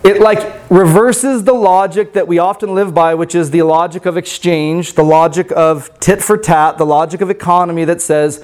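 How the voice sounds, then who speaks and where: A man's voice: sits high, fairly even intonation, normal speed, hardly any pauses, darkish tone. A man reading a storybook aloud, then reflecting on it in a sermon in a conversational way, with many fillers.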